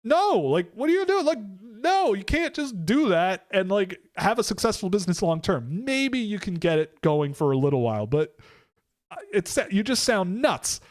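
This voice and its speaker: A Canadian man hosts a casual livestream and rants about whatever comes up, with strong opinions. His voice sits a little higher than most men's. He rambles, starts sentences over, and slips into mocking impressions of other people. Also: big pitch swings, moderate pace. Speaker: host of a hockey prospect livestream.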